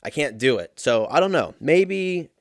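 A man's voice: a little high, sing-song, a little slow, no echo, studio quality. A man in his thirties talking in a casual, meandering way, swearing often and poking fun at himself. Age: 30s. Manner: profane, meandering, self-mocking. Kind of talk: casual rambling monologue.

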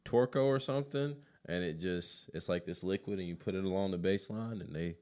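Easygoing low-voiced male host. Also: fairly quick, darkish tone. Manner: easygoing, jokey interviewer. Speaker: podcast host. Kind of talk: casual podcast chat.

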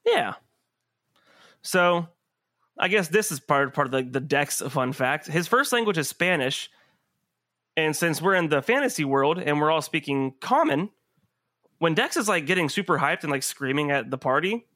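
A man's voice: a little high, animated, normal speed, pushed and bright, no echo. A man hosting a tabletop game podcast, talking in playful, giggly banter on a close mic. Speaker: game master and host.

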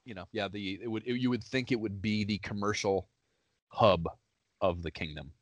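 A man co-hosting a casual gaming podcast, talking in an animated, profane way and laughing often. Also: lowish voice, normal speed, no room sound. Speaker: podcast co-host.

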